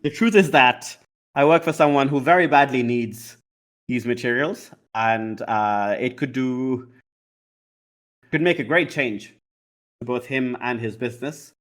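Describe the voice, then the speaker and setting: A man voicing an imperious, smooth-talking male lawyer who speaks in a formal, measured and condescending way. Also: mid-range voice, natural voice. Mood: confiding.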